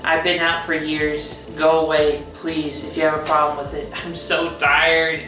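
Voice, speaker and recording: A man's voice: on the high side, monotone, a little slow, recorded from a distance. A young trans man talking casually to his viewers, blunt and swearing freely, with lots of hesitant fillers. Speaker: vlogger. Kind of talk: casual vlog talk to camera. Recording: echoey room, off-mic, faint music.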